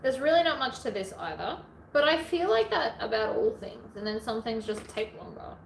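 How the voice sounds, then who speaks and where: Chatty, lively woman sewing on a livestream. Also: a little high, normal speed, gravelly. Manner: chatty and playful, narrating each step aloud. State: slightly hoarse from hours of talking. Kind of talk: casual livestream chat while sewing. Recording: echoey room, faint background noise.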